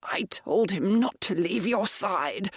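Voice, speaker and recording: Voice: medium pitch, sing-song, measured pace, gravelly, slightly rough, no room sound, studio quality, heavily acted. A narrator voicing a frightened, breathless elderly viscount in an audiobook, gasping out his lines. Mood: panicked. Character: panicking, wheezing old male viscount.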